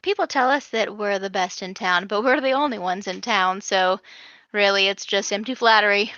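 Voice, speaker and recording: A woman's voice: mid-range voice, moderate pace, bright, forceful tone, no room sound, highs cut off, natural voice. A woman voicing a bubbly pink female tiefling leatherworker in a tabletop game, using a sweet customer voice. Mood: wry.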